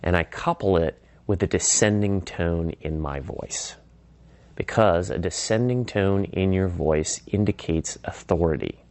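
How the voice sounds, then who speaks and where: A man's voice: low voice, unhurried, darkish tone, smooth, dry recording. A man teaching persuasion techniques in a conversational way, stopping often to act out sample phone calls. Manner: acts out sample phone calls in varied voices. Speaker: sales trainer. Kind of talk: instructional talk.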